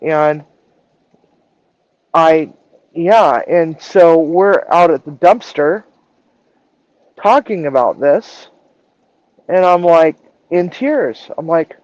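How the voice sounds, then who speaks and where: A woman's voice: low-pitched, expressive, extremely slow, long pauses, darkish tone, no echo, dull audio. A woman chef telling a story in a casual live stream, acting out the dialogue and swearing freely. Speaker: chef and culinary director.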